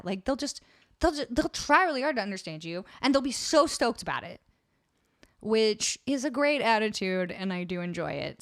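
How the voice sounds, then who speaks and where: A woman's voice: a little high, dry recording, studio quality. A young Canadian woman hosting a music livestream, chatting casually with viewers, often laughing and trailing off mid-sentence. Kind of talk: casual chat with live chat.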